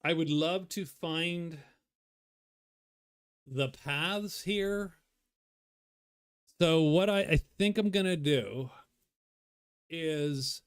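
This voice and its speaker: A man's voice: on the high side, extremely slow, pauses often, clean tone, no room sound, studio quality. A man thinking aloud as he plays a solo board game, rambling and muttering to himself. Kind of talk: casual solo playthrough commentary.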